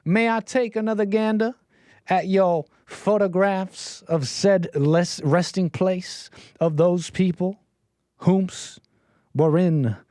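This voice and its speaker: A fussy, high-toned Southern gentleman from Savannah, as a man puts him on, speaking with stiff old-fashioned courtesy. The voice is dry and close. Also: steady tone, slow pace, no echo. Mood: mock-polite. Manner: mock-formal, old-fashioned phrasing. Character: genteel Southern gentleman from Savannah, overly formal.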